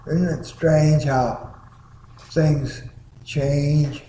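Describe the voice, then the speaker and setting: A middle-aged male pastor preaching a sermon with slow, deliberate, drawn-out words in a church sanctuary. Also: fairly high pitch, steady tone, warm tone, slight background noise. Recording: echoey church room.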